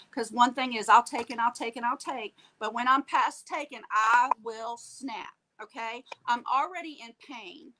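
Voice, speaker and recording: Woman, slightly high voice, emotional storyteller on a chat show who acts out the quotes. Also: normal speed, few pauses, rough recording. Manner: animated, acts out quoted dialogue, tags lines with "okay?". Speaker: guest telling her story.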